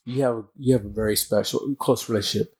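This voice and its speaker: A man's voice: fairly low pitch, fairly even intonation, fast talker, a little mellow, husky. A man hosting a casual interview, talking in a blunt, chummy way and swearing freely. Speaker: podcast host.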